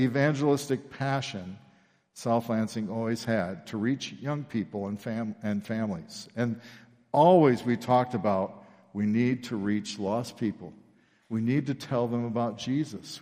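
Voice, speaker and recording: A man preaching a sermon, telling stories from his past and acting out the people in them. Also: medium pitch. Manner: animated storyteller, acts out quoted people. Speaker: pastor. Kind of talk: sermon storytelling. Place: church sanctuary. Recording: long reverb of a large church hall.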